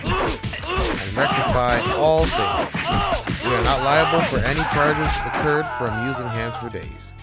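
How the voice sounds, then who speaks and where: A man voicing a loud male commercial pitchman selling a fighting service. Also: very animated, a little slow, loud music behind the voice. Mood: hyped. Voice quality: booming sales-pitch delivery.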